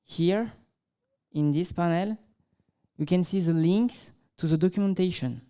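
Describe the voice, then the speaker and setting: A man with a French accent presents a live tech demo at a conference, hesitating often and filling pauses. His voice is mellow and warm, and he speaks English as a second language. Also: high-pitched, clear, resonant tone. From France. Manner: hesitant, apologetic, many fillers. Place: conference hall stage.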